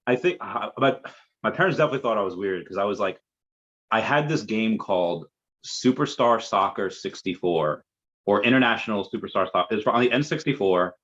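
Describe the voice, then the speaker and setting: On the low side and a bit bright, a man's voice comes across as expressive and a little fast. Appearing as an interview guest in casual conversation, he chats and rambles with plenty of fillers, and the audio is muffled and lo-fi.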